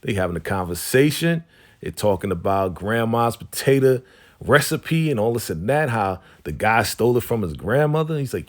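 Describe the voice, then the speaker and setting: A man's voice: fairly low pitch, big pitch swings. Slangy man recapping a TV episode. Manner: slangy, laughs often, acts out lines in quick voices. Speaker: recap host.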